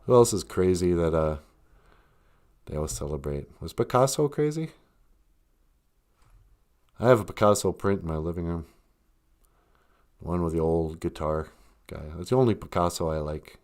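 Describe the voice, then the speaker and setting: A man's voice: deep voice, expressive, moderate pace, long pauses, darkish tone. A man with a Minnesota accent, hosting a live stream in a casual, joking monologue, mocking people with put-on voices.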